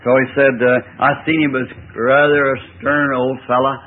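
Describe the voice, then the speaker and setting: A man's voice: mid-range voice, level tone, moderate pace. A man, a preacher telling a rambling folksy story in a sermon. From the American South. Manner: folksy, rambling anecdotal delivery with chuckles. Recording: tinny old lo-fi recording.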